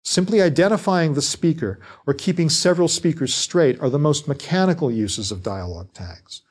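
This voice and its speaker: A man giving a scripted lecture on fiction writing, speaking in a measured, deliberate way. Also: fairly high pitch, expressive, darkish tone, breathy edge.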